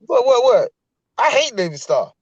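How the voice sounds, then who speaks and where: High-voiced man in loose, profane banter. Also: big pitch swings, moderate pace, a little mellow, a little hiss or hum. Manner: loose, profane, laughs often. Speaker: podcast co-host. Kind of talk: casual podcast banter. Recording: dull, lo-fi dry audio.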